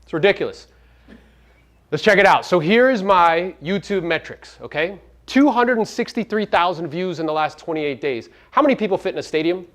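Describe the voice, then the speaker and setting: A man's voice: sits high, lively intonation, normal speed, fairly bright tone. A man giving a live motivational seminar talk to real estate agents, brash and profane, firing rhetorical questions at the audience.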